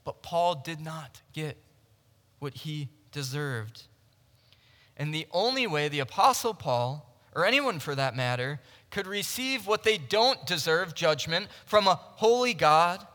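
A man preaching a sermon to a room of listeners, earnest and conversational, with frequent restarts and swings between loud emphasis and hushed moments. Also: high voice. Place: large room with a live audience. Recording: long reverb from a large hall.

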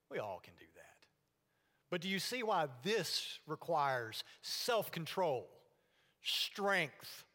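A man delivering a sermon from the pulpit in a fairly high voice. He speaks earnestly and now and then sinks to a near whisper to press a point. The sound carries a long reverb from the church around him. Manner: earnest, drops to hushed tones for emphasis. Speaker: pastor. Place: church sanctuary.

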